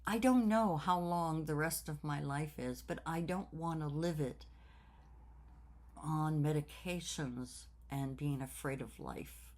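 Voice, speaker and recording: A woman in her sixties talking slowly and reflectively in a personal vlog, with many fillers and repeated words. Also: low-pitched, a little mellow. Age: 60s. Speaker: craft channel host.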